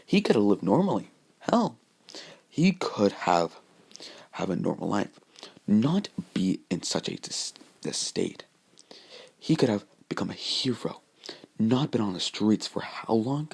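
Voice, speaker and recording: A man voicing a cold, cocky, ageless young hero, gravelly. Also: lowish voice, big pitch swings, a little mellow, full character voice. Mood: taunting. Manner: loose, halting quoted dialogue.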